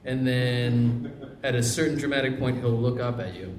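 A man's voice: medium pitch, moderate pace, echoey room, crowd noise, poor audio. A man, a comedian, telling wry stories as a guest on a live show.

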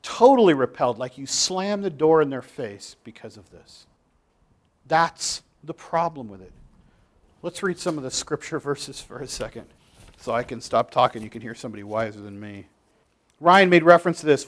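A man preaching a sermon with passion, swinging between loud emphatic lines and quiet, dropped asides. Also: mid-range voice, animated, moderate pace. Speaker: pastor.

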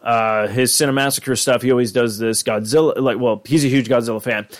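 A man co-hosting a podcast, talking casually in a rambling, profane, animated way. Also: mid-range voice, fairly quick. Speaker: podcast co-host.

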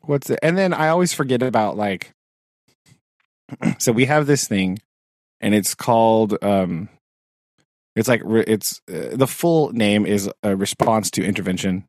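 A man's voice: lowish voice, expressive, a little slow, long pauses, darkish tone, dry recording, clean studio sound. A man who teaches sixth grade, chatting casually on a podcast, rambling with fillers and frequent laughs. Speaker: podcast co-host. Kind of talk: casual chat.

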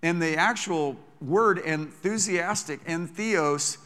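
A man's voice: a little high, takes it slowly, fairly bright tone. A male pastor preaching a sermon in an enthusiastic, emphatic way, recorded in a church with long reverb.

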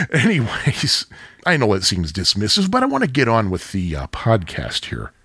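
Male podcast host from Chicago, husky, lively pitch, casual storyteller. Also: normal speed, no echo, studio quality. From Chicago area. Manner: chatty, self-deprecating, nostalgic.

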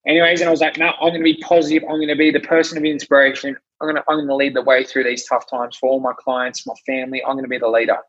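A man with an Australian accent, a fitness trainer telling his story in a casual chat, animated and blunt, swearing freely. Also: fairly high pitch, breathy edge, dull audio. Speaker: fitness trainer and gym owner.

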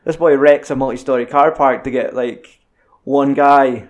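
A man with a Scottish accent in casual film chat, swearing freely and getting animated as he retells scenes. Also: medium pitch, normal speed.

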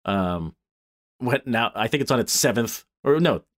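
Animated man in casual chat. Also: unhurried. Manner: animated, swears, swings pitch for mock quotes.

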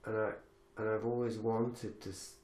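A man's voice: on the low side, flat delivery, normal speed, darkish tone, roomy sound. A man hosting a podcast conversation, reflective and thinking aloud with many fillers and restarts. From lives in Galicia. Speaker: podcast host.

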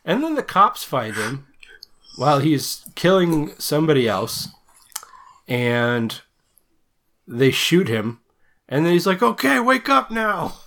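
A man talks through a horror movie plot on a podcast, in an unhurried, rambling way with many ums and restarts. His pitch swings up and down expressively as he laughs at the absurd scenes. He jokes crudely and keeps it loose. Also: big pitch swings, fairly bright tone, a little hiss or hum. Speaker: podcast co-host. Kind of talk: casual movie review chat.

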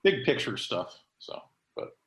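A man's voice: moderate pace, fairly bright tone, reverberant, low-quality recording. Rambling man hosting a podcast. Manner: rambling, many fillers and restarts. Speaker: podcast host. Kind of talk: casual chat.

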